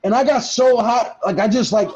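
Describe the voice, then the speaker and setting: High-voiced young man, lo-fi sound. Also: normal speed, a little hiss or hum. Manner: animated storytelling, swears often, laughs a lot. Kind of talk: casual chat. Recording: dull lo-fi recording.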